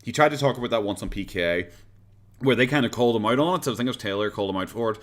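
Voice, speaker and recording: A man's voice: medium pitch, racing. An Irish man hosting a casual reaction livestream from home. He rambles and chats, laughs often and swears casually, speaking into a desk condenser mic. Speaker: livestream host. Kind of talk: casual reaction stream chat. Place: home, pets nearby. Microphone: USB condenser desk mic.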